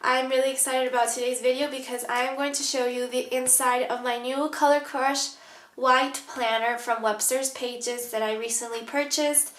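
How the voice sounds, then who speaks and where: Woman vlogger, nasal and stuffy, a bit high, chatty with lots of ums, echoey room. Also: little pitch movement, moderate pace, a bit bright. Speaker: planner vlogger. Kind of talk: casual show-and-tell vlog.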